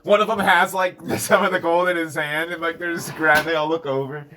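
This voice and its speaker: A man running a tabletop role-playing game as game master, talking in an animated way with lots of fillers and laughs. His voice sits a little high for a man. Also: fairly quick, slight background noise. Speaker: dungeon master.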